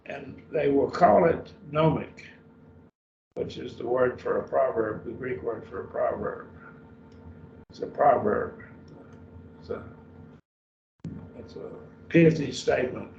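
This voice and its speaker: Older male preacher, gravelly and folksy. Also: medium pitch, slight background noise. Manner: rambling, folksy, explains Greek word order. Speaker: preacher teaching a Bible class. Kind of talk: unscripted Bible lesson. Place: church meeting room. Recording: echoey distant room mic, dull sound.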